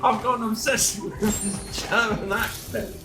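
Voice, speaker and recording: A man's voice: high voice, fairly even intonation, measured pace, heavy background noise. A man hosting a gaming channel who gives casual gameplay commentary, chatting, joking and reacting aloud to the game. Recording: echoey room with game music.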